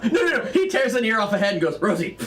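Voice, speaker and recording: A man's voice: very high-pitched, big pitch swings, very fast, a bit bright, recorded from a distance. A man narrating as game master of a tabletop game, playful and often laughing.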